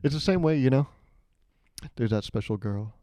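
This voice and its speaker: A young podcast host with a dark, medium-pitched voice and lively intonation speaks at a normal speed through a solo comedic monologue, rambling and self-mocking and laughing at his own jokes. The studio sound is clean with no room tone, and he hears himself in headphones as he talks into a studio mic.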